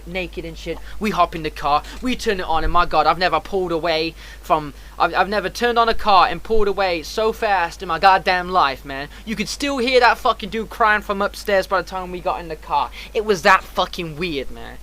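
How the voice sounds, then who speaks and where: A man's voice: a little high, pushed and bright, slight background noise. A young man telling a rambling, profane story in casual talk, full of restarts and fillers.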